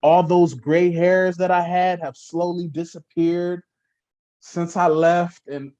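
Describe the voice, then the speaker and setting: Colloquial man, slightly high voice. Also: flat delivery, slow pace, dark tone. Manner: loose, colloquial, acts out little voices in his anecdotes. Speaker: podcast host. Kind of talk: casual interview chat. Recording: dull lo-fi audio.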